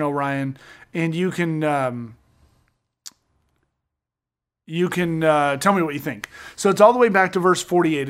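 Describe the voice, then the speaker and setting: A man hosting a casual Bible discussion, telling the stories with animated enthusiasm and quick asides. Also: a little high. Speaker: podcast host.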